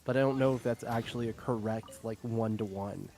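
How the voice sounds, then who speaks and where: A man's voice: fairly low pitch, steady tone, fairly quick, mellow, faint music behind. A young adult man hosting a stream, talking in a loose, rambling way with lots of filler and frequent laughs. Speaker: streamer host. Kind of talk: casual chat.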